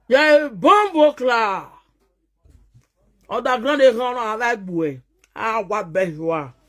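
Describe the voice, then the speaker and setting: A woman from Nigeria with a Nigerian Pidgin English accent, a social media vlogger delivering a mocking, scolding rant to her viewers. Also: mid-range voice.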